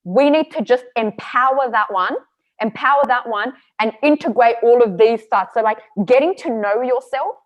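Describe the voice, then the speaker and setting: A woman guest speaking earnestly about her own experiences, often pausing to search for words, heard over a video call. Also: a little high, highs cut off. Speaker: panel guest. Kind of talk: reflective personal sharing.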